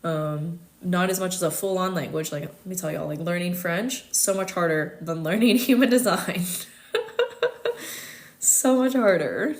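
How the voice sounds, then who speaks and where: A woman's voice: lowish voice, unhurried. A young American woman with an American accent, hosting a casual livestream chat, talking chattily with many fillers and frequent laughs. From United States. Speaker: host.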